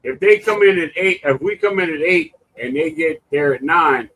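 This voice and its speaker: A man co-hosting a livestream, telling animated stories and loudly acting out what people said. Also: a little high, moderate pace, rough recording. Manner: animated storyteller, acts out quotes loudly. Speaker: livestream co-host. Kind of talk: casual chat.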